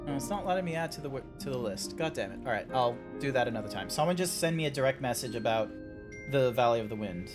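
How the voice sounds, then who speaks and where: A man hosting a game stream, chatting casually in a rambling, animated way with quick restarts. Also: mid-range voice, music in the background. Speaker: streamer and host.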